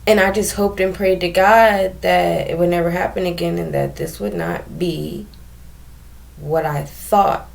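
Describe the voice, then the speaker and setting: A young woman telling a personal story to camera in a candid, emotional way, with frequent pauses and restarts. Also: fairly low pitch, steady tone, vocal fry. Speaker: vlogger telling her own story.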